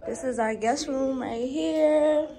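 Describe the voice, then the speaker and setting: A New York woman in her twenties vlogs to her viewers in a high-pitched, slow, dark-toned voice, chatting casually and calling them "y'all." The background is noisy.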